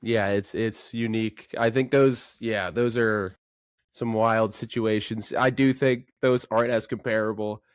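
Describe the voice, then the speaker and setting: Man, low voice, dry close sound, casual podcast film talk, laughs a lot. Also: fairly even intonation, unhurried, smooth, dry recording. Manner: laid-back, laughs often, acts out film lines. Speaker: podcast co-host.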